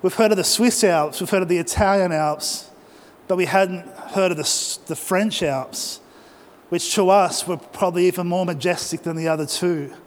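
High-voiced Australian man preaching in a hall. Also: normal speed. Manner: conversational, storytelling, speaks to the audience directly. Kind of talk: sermon with personal travel story. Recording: long reverb of a large hall.

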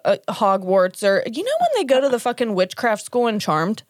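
A woman's voice: medium pitch, very animated, moderate pace, no echo, clean studio sound. A woman co-hosting a podcast, recapping a film in casual chat, laughing often and swearing freely. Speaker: podcast co-host.

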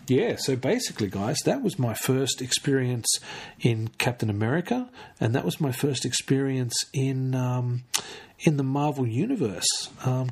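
A man's voice: medium pitch, a little mellow, slightly rough. A man hosting a solo podcast late at night, tired and rambling, stumbling over words and using many fillers. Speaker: podcast host. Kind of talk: solo casual podcast chat.

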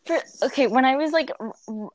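A woman's voice: high-pitched, fairly quick, dry recording. A young woman co-hosting an advice podcast, giggling often and hesitating with lots of ums as she thinks aloud. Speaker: podcast co-host giving advice. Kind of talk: casual giggly chat.

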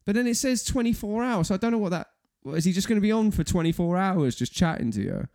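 A man with a lively, rising and falling voice that sits a little high, chatting casually as a podcast co-host. He jokes a lot and pokes fun at himself. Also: fast. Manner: joking, self-deprecating, animated. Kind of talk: casual chat.

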